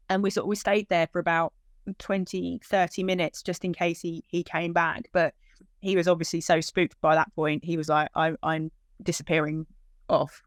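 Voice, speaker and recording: On the low side and smooth, this woman's voice comes through as clean studio sound with no echo. She retells, with animation and acted-out dialogue, the emotional search for her lost dog, her voice rising when moved.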